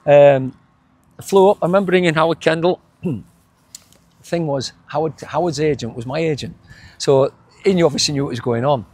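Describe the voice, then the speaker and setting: Middle-aged Yorkshire man, ex-footballer guest, husky and a touch high, rambles through stories with restarts. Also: normal speed, long pauses, darkish tone, no echo. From England. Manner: rambling, many restarts and chuckles. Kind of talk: casual reminiscing interview.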